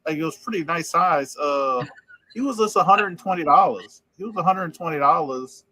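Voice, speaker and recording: A man's voice: on the high side, brisk. Laid-back man from Louisiana. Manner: relaxed, repeats himself, laughs often. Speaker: podcast host. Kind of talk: casual chat.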